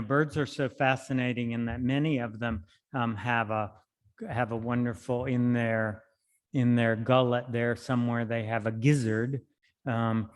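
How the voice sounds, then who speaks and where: Man, poet, reading and chatting about his work, thoughtful, library hall, long reverb. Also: mid-range voice. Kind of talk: poetry reading with spoken commentary.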